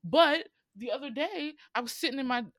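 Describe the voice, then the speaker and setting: Hosting her podcast, a woman from Georgia with a Southern accent tells stories in an animated, profane, dramatic way, her voice swinging widely. Her voice is high, she talks at normal speed, and there is no echo.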